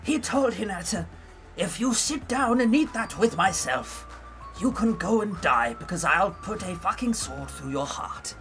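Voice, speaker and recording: A man voicing an old male magician storyteller with an English accent and a drawn-out, over-accentuated old man's voice. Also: sits high, lively intonation, sharp tone, faint music behind, pitched above the performer's own voice, heavily acted. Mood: grand narrating.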